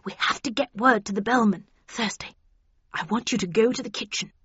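A woman voicing a stern old woman agent who speaks briskly and grimly. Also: medium pitch, fairly bright tone, husky, no room sound, lo-fi sound. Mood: urgent. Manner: brisk and grim.

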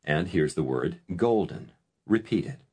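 A man narrating a language course in a scripted lesson style, giving clear, instructive prompts. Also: sits low, animated, measured pace, mellow.

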